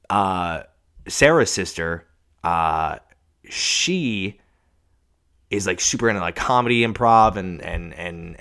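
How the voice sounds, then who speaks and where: A young man from Washington state talking through a casual solo podcast monologue, rambling, halting and swearing freely, with "dude" in every other line. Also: deep voice, fairly bright tone. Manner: rambling and halting, many restarts. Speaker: podcast host.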